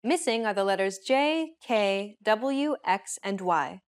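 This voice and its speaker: Woman lesson host, clear measured delivery, mid pitch, scripted teaching read. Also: lively intonation.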